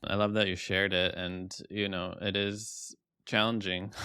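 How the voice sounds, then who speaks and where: A man hosting a podcast who asks questions gently and encourages his guest. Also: low voice, fairly even intonation, slow, clear, resonant tone, no room sound, clean studio sound. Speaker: podcast host. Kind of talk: interview questions.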